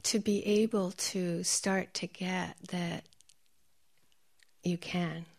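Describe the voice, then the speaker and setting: A woman meditation teacher giving a dharma talk, telling stories, laughing often and dropping into soft whispers. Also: fairly low pitch, steady tone, extremely slow, creaky.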